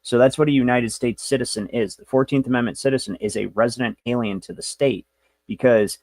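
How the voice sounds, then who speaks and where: A man's voice: mid-range voice, steady tone, brisk, darkish tone, dry recording. A man hosting a livestream, lecturing in a brash, rambling, profane way. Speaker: show host.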